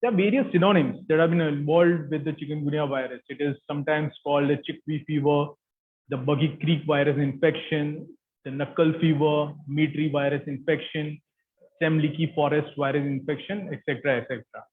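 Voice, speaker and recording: A man's voice: fairly high pitch, fairly even intonation, a little fast. Indian-accented man lecturing over a tinny line. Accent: Indian English. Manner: explanatory, with frequent fillers. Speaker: guest lecturer. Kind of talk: academic lecture.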